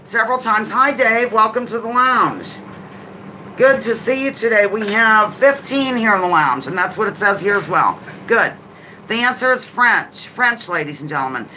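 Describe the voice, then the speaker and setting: Hosting a relaxed live trivia stream, a woman speaks with a clear, bright voice at a middle pitch, welcoming viewers by name and chatting freely between rounds. Questions get read slowly and drawn out, over a rough recording with a little hiss or hum.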